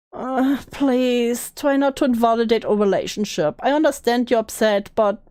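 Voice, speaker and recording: A woman's voice: on the high side, a little mellow, no echo, studio quality. A young woman talking casually on a stream, emotional and swearing, laughing often.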